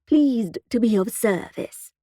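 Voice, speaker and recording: A man's voice: extremely high pitch, lively intonation, slow, mellow, dry recording, clean studio sound, exaggerated voice. A woman reading the part of a smug, well-spoken man of about thirty, a ghost hunter who talks in a clipped, unflappable way. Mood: courteous. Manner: smooth, unflappable, courteous.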